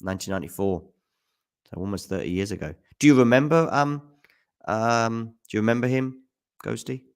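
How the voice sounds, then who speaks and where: A man giving casual live tennis commentary on a stream, chatting with viewers by name and getting loud at big points. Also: mid-range voice, a little fast, clean tone. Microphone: handheld mic at times.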